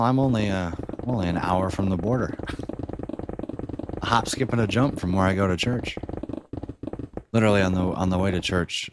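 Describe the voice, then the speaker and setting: Slow, low-voiced man streaming. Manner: rambling, chuckling between thoughts. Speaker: livestreamer. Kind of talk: casual livestream chat. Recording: steady background noise.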